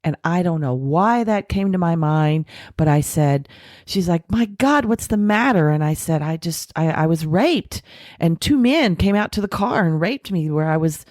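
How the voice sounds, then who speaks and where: Woman with a low voice spilling her sobriety story, pretty frank, jumps into the quoted voices, dry close sound. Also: no room sound. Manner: frank, animated retelling with acted quotes and self-deprecating laughs; slows down and softens for spiritual points. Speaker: podcast guest. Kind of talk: candid recovery storytelling.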